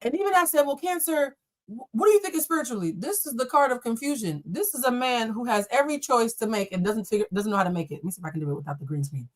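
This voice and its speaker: A woman reads tarot on a live stream. She is animated and blunt, and she talks straight to her viewers and swears freely. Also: on the high side, fast talker. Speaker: tarot reader.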